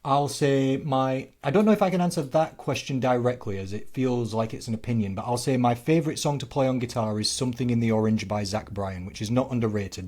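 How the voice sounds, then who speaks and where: A man, a fitness coach co-hosting a podcast, talking in casual chat with punchy loud stresses and quiet asides. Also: lowish voice.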